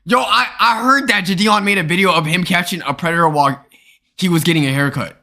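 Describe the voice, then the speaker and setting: A young man hosting a live stream, chatting casually and jokingly with his viewers in an animated way. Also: sits high, fast talker. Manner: animated, joking, talks straight to chat. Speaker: streamer host.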